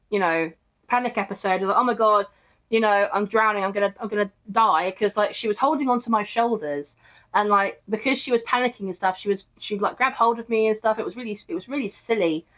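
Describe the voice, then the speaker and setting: A young woman streamer telling a casual story, rambling with many fillers and frequent laughs. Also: mid-range voice. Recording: dull lo-fi mic.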